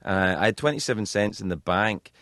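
A man's voice: lowish voice, lively intonation, fairly quick, a bit bright, no room sound. A man telling rambling, self-deprecating stories as a guest in a radio studio interview. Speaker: talk show host as guest.

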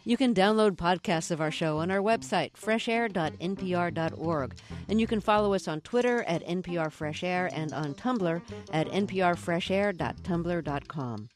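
Low-voiced woman reading a radio outro. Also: normal speed, soft background music. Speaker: radio host.

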